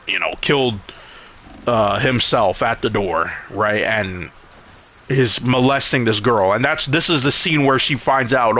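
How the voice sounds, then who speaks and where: Male streamer, bright edgy tone, profane rambling recap, mid pitch. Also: slight background noise. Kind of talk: casual recap while gaming.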